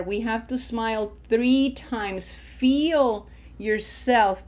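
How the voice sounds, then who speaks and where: Lady teacher going real slow, stretching vowels, keeps saying okay?. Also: medium pitch. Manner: models words slowly with drawn-out vowels, frequent "okay?" checks. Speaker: Spanish teacher. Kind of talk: slow, deliberate language lesson.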